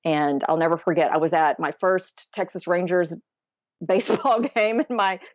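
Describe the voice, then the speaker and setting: Woman in her 40s, lively storyteller guest, muffled dry audio. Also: fairly low pitch, normal speed, dry recording. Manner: animated storyteller who acts out quoted voices. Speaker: podcast guest. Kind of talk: casual storytelling interview. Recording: dull, dry, slightly lo-fi sound.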